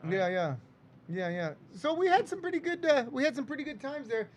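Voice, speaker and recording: A man with a very high voice rambles through casual wrestling commentary, full of fillers and side jokes. A faint hiss sits behind him. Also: big pitch swings, brisk. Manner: rambling, filler-heavy, jokey. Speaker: host and commentator. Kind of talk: casual wrestling commentary over old footage.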